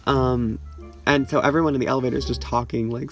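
A man's voice: mid-range voice, steady tone, quick pace, soft background music. Fields: A man vlogging from a car, telling a story in a rambling way full of "like". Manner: rambling, full of "like", laughs often. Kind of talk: casual storytelling. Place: inside a parked car.

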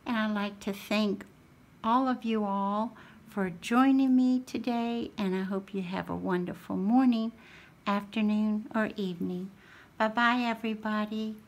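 A woman's voice: medium pitch, fairly even intonation, unhurried. A woman, hosting a craft channel and chatting casually as she unboxes a gift, exclaiming over each item.

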